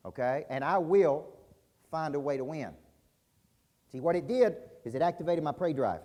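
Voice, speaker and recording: A man's voice: on the high side, expressive, moderate pace, pauses often, warm tone. A middle-aged man giving an intense, punchy business-coaching keynote at a conference, often quizzing his audience. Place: conference hall stage.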